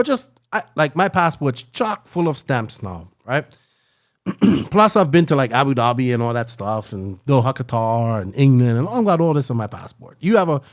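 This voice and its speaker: A man telling a long travel story in casual podcast chat, rambling and animated, tagging lines with "right?" and "like". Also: mid-range voice.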